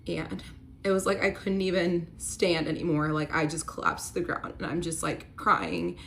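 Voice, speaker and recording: A woman's voice: on the low side, fairly even intonation, moderate pace, creaky, a bit bright, a little hiss or hum. A young woman in a candid storytime vlog, retelling a painful betrayal with lots of filler words and an emotional, near-tearful delivery. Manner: candid, many "like" fillers, rises to pleading when reliving the argument. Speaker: vlogger telling a personal story.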